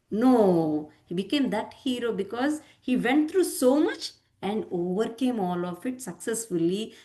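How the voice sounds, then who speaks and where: A woman giving a devotional discourse, animated, acting out quotes and checking in with "hmm?" and "huh?" asides. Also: high-pitched. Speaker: spiritual teacher.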